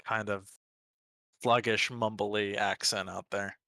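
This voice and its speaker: A man's voice: fairly low pitch, flat delivery, slow pace, sharp tone, dry recording. A man from the Washington, D.C. area with a local American accent, chatting casually and rambling while he sculpts. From Washington, D.C. area, USA. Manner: rambling, laughs easily.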